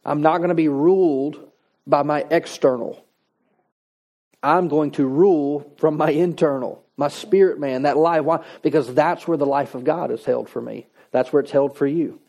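Guy preaching, mellow kinda high voice, chatty folksy sermon. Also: fairly even intonation, moderate pace, creaky. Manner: conversational preaching, folksy asides. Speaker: pastor.

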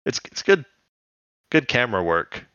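A man's voice: medium pitch, sing-song, moderate pace, sharp tone, clear, resonant tone, no room sound, muffled recording. A man co-hosting a podcast in casual chat, rambling and giggly. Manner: rambling, giggly, puts on jokey quotes. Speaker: podcast co-host.

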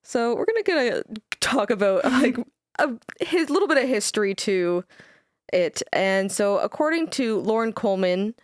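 A woman's voice: a little high, lively intonation, normal speed, dry recording, clean studio sound. A woman co-hosting a podcast, chatting casually and reading quoted passages aloud. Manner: laid-back, reads quoted passages aloud. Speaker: podcast co-host.

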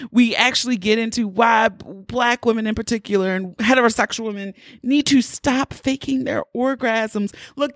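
A woman's voice: on the high side, a bit bright, dry recording, studio quality. A young adult woman hosting her podcast in casual, playful chat, laughing easily. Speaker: podcast host.

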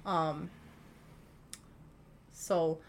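A woman's voice: sits low, fairly even intonation, extremely slow, a little hiss or hum. A young woman hosting a solo podcast, rambling casually with lots of filler words and the odd swear. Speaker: podcast host.

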